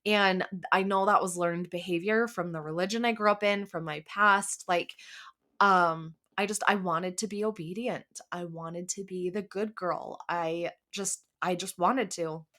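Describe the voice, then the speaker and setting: Candid woman host, chatty and relaxed. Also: fairly low pitch, measured pace. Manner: candid, conversational, many "like" and "um" fillers. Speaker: podcast host. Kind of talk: casual solo podcast talk.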